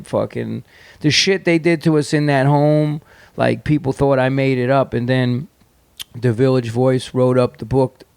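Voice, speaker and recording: Gravelly, profane New York man. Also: mid-range voice, darkish tone, no echo. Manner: profane, rambling, restless with many fillers and restarts. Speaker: podcast guest, punk band singer. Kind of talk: candid storytelling in conversation.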